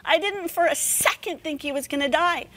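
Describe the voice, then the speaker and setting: A woman guest giving an earnest, emphatic faith testimony with a slightly hoarse, damaged voice. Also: sits high, moderate pace, a bit bright, a little hiss or hum. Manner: earnest, emphatic, preacher-like cadences.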